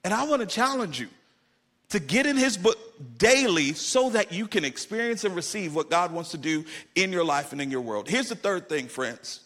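Man, middle-aged pastor, sermon, high voice, repeats key phrases with emphasis. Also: animated, moderate pace, a bit bright.

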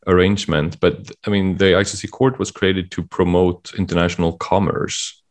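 A man's voice: deep voice, level tone, moderate pace. A man co-hosting a casual legal podcast, thinking aloud and hedging his points. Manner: thoughtful, hedging, musing aloud. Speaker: podcast co-host.

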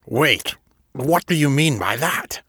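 A man's voice: mid-range voice, lively intonation, slow, bright, forceful tone, husky, no echo, voice pushed up, exaggerated voice. A man voicing a confused, anxious young man in an audiobook.

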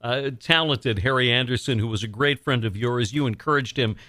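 A man's voice: medium pitch, a little fast, pushed and bright, no echo. A man hosting a radio interview in a studio, asking brief friendly questions. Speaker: radio host.

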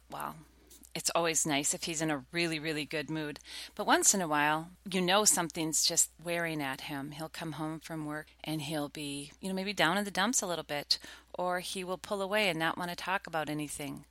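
A woman's voice: on the low side, no room sound. A middle-aged woman hosting a talk show, chatting casually and acting out quotes as she tells stories. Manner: chatty, warm-toned storytelling with acted quotes. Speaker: podcast host.

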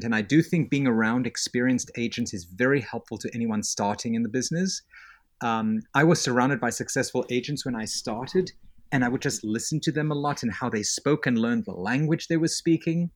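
A man's voice: mid-range voice, fairly quick. A man with a South African accent, a real estate agent answering interview questions in an earnest, reflective way.

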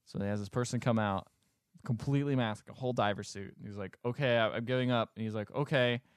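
A man's voice: medium pitch, fast, clean tone, no room sound, studio quality. Sarcastic man recapping a bad movie. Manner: sarcastic, exasperated retelling with profanity. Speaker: podcast co-host recapping a movie. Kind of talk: casual chat.

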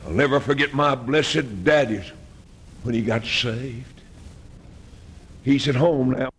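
A middle-aged man preaching a fiery storytelling sermon, moving from hushed tales to shouted exhortation. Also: medium pitch, slow pace, slightly rough.

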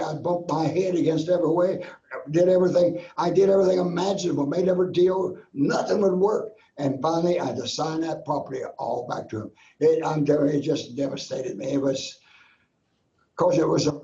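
A man's voice: on the high side, mellow. Older male preacher guest, earnest storyteller, recorded in a roomy space with dull, lo-fi audio. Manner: earnest, repetitive preacher's cadence. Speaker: guest minister. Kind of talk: personal testimony storytelling.

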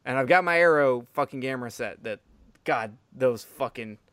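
A man hosts a casual podcast in a middle-pitched voice that sounds smooth and clear. He rambles with enthusiasm and swears freely. His sound is close and dry. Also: moderate pace, a bit bright, no room sound. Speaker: podcast host.

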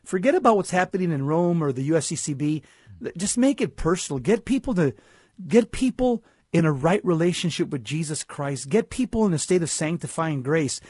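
A man's voice: on the high side, expressive, fairly quick, dark tone, husky, no echo, studio quality. A man co-hosting a Catholic talk show, speaking earnestly and often repeating words as he gets going. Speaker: Catholic radio co-host. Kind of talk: casual faith talk show chat.

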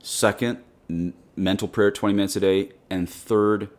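A man's voice: lowish voice, fairly even intonation, moderate pace. A man, a Catholic priest, giving a conversational teaching on prayer on his podcast in an earnest, direct, plain-spoken way.

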